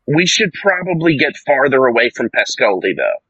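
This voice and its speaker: A man's voice: medium pitch, sing-song, moderate pace, a bit bright, husky, no echo, muffled recording. A man playing a tabletop game, telling what his character did in a rambling, joking way, often correcting himself. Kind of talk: casual actual-play chat.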